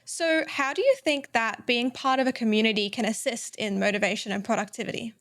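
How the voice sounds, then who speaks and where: A woman's voice: a little high, fairly quick, a bit bright. A woman hosting an interview podcast, affirming her guest's answers and asking follow-up questions. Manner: encouraging, affirming host. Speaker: podcast host. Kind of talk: casual interview.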